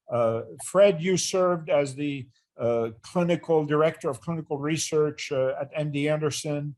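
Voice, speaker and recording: A man's voice: fairly high pitch, measured pace, darkish tone. An older man, a retired neurosurgery chair, earnestly recalling his career in an interview and often restarting phrases.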